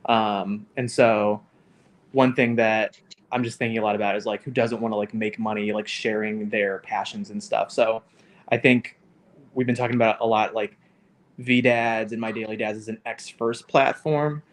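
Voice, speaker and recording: A man's voice: lowish voice, fairly even intonation, moderate pace. A man co-hosting a casual livestream chat, rambling and leaning hard on fillers. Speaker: co-host.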